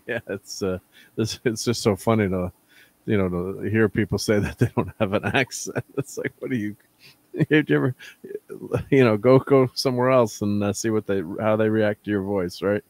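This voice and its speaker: A man's voice: lowish voice, steady tone, normal speed, darkish tone, dry recording. A man hosting a casual online chat, telling anecdotes and laughing often. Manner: laughs often, tells anecdotes with quoted voices. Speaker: podcast host.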